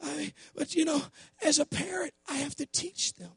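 A middle-aged man, a pastor preaching a sermon with passion, dropping to quiet asides and then rising to shouts. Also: very high-pitched, steady tone, normal speed, vocal fry, dry recording.

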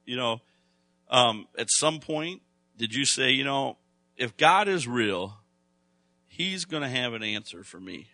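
Male pastor, bright forceful voice, dry close sound, conversational with emphatic swells. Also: mid-range voice, lively intonation, measured pace, long pauses, dry recording. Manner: conversational preaching, rising to loud emphatic bursts. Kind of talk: sermon.

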